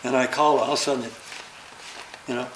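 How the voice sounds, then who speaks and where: An older man spinning animated stories, slipping into the voices of the people he quotes as he goes. His pitch sits in an ordinary middle range. The room around him rings with a roomy echo and faint background noise. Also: quick pace. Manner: lively storyteller who acts out quoted dialogue. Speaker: interview guest. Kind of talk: casual anecdote telling.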